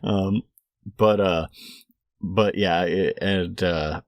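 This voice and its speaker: Young male co-host, very low dry voice, rambling casual storyteller. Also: steady tone, drawn-out words, dry recording. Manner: rambling, lots of restarts and quoted asides. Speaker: podcast co-host.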